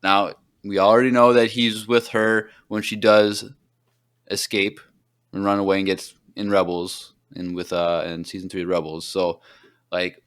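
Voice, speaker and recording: Low smooth-voiced man recapping an episode. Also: flat delivery, measured pace, fairly bright tone. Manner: rambling, heavy on fillers like "like". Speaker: podcast host.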